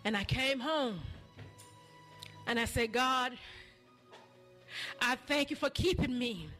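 A woman preaching a testimony sermon in a call-and-response style, repeating phrases and building up to shouts. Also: sits high, slow pace, faint music behind.

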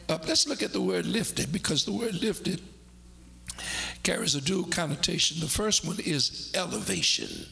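A man preaching a sermon emphatically, with dramatic pauses, swinging from loud bursts to near-whispers. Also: high voice, creaky.

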